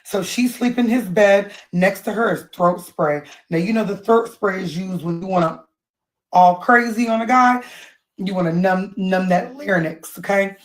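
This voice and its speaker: A woman at a middle pitch hosts a casual gossip livestream. She chats loosely and reads out posts and text messages for her viewers. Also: steady tone, moderate pace, hardly any pauses, poor audio. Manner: chatty, reads out posts and texts. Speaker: host.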